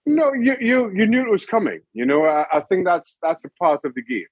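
A man's voice: high voice, fairly quick, breathy edge, no room sound, highs cut off. A middle-aged man, a former goalkeeper, chatting as a guest and telling stories with laughter. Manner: animated storyteller, laughs often. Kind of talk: casual interview chat.

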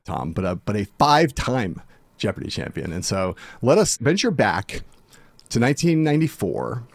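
A man's voice: fairly low pitch, sing-song, gravelly, no room sound. A man hosting a podcast in casual chat, teasing his guest. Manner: fast-talking, teasing. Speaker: podcast host.

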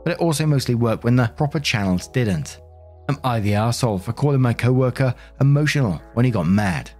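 A man reading online posts aloud and commenting on them in a calm, matter-of-fact way. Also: medium pitch, brisk, soft background music. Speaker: story reader and host.

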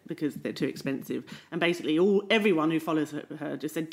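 A woman co-hosting a podcast, telling stories in animated casual chat. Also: deep voice, quick pace. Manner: animated storyteller. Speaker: podcast co-host.

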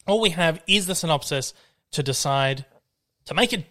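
A man with an Australian accent hosting a casual podcast from his dining room, chatty and quick to laugh. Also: on the high side, expressive, bright, forceful tone. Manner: chatty, laughs easily, reads listener emails aloud. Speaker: podcast host.

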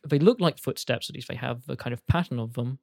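Casting: calm woman game master, measured narration, dry booth sound. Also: rumbling low, creaky, no room sound. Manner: measured, descriptive storytelling.

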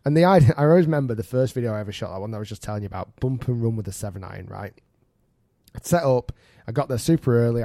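A man in his thirties, a golf coach hosting a podcast, telling stories in an animated, self-mocking way with frequent laughs. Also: on the low side, dry recording, studio quality. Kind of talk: casual storytelling chat.

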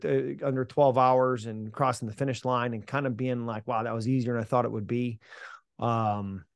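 A man's voice: mid-range voice, dry recording, studio quality. A middle-aged man, a mental performance coach, telling a personal story as a podcast guest in a punchy, emphatic way, casually swearing and calling the listener "man". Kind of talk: animated storytelling in an interview.

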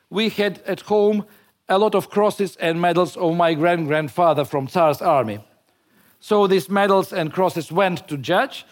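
A man from Ukraine, telling stories in an interview in a halting, reflective way. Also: on the high side. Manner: halting and reflective, searching for words in a second language. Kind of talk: personal storytelling in an interview.

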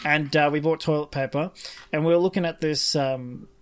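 A man's voice: on the high side, steady tone, moderate pace, clear, resonant tone. A man with an Australian accent, co-hosting a casual podcast and joking around with his friend. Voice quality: joking, playful. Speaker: podcast co-host. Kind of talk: casual chat.

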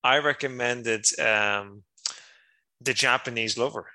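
A man with a very bright, tense voice at a middle pitch, co-hosting a relaxed book podcast. He is eager and quick to jump in with his own reactions. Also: poor audio. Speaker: podcast co-host. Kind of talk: casual book chat.

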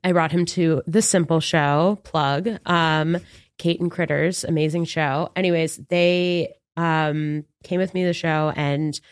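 A woman's voice: low voice, fairly even intonation, a little slow, clean tone, no room sound, studio quality. A young woman in her twenties, co-hosting a podcast and telling a dating story through bursts of laughter. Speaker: podcast co-host. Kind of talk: casual chat.

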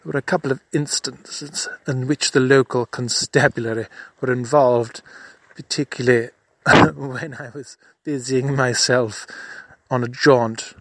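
A man telling a mock-serious comic tale, pompous and formal, with a dry wordiness. He speaks slowly at a middling pitch, close to the mic in a dead, dry room. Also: a bit bright, no echo. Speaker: narrator and comic investigator. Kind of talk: mock-serious comedy narration.

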